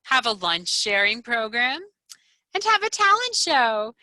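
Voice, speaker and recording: A woman voicing a confident young girl frog, clear and earnest. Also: a little high, sing-song, a little slow, bright, forceful tone, dry recording, heavily acted.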